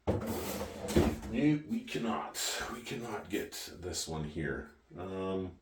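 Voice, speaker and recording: A man's voice: deep voice, slight background noise. A middle-aged man from Canada with a Canadian accent, telling rambling, profane stories in his home wine cellar. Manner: profane, chatty, animated. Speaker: vlogger. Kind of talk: rambling storytelling.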